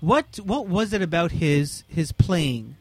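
A man's voice: fairly high pitch, very animated, slow pace, no room sound. Man hosting with short affirmations. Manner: encouraging, frequent short affirmations. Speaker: podcast host. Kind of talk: casual interview.

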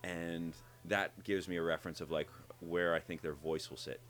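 A man who works as a voice actor, talking in an interview and explaining how he builds his characters, animated and demonstrating as he goes. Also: low-pitched, moderate pace. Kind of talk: interview conversation.

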